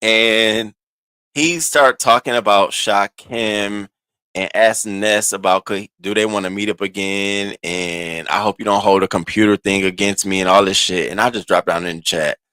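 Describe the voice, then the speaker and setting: Animated man telling a story casually. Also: on the low side, moderate pace, clear, resonant tone, no room sound. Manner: animated, restarts and stammers, swings into quoted voices. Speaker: streamer recounting online drama.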